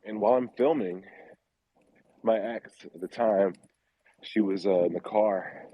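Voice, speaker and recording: A man with a lowish voice tells a creepy personal story in casual chat, speaking at a measured pace. As the storyteller guest, he's animated and acts out the people and their dialogue. The audio is dull and lo-fi.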